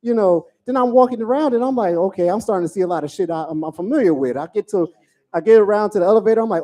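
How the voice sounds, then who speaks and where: A man in his forties doing a profane stand-up comedy set, telling stories with animated asides. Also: high-pitched, racing. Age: 40s.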